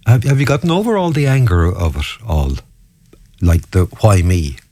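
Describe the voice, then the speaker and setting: A man's voice: sits low, huge pitch swings, normal speed, dark tone, no echo. A man hosting an interview, asking conversational, probing questions with some hesitation. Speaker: podcast host.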